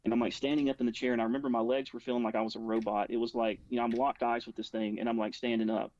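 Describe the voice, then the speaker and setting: This guest races through a rambling personal story, filling it with "like" and restarts as he tells it casually. The medium-pitched, darkish voice shows little pitch movement, and the sound is lo-fi.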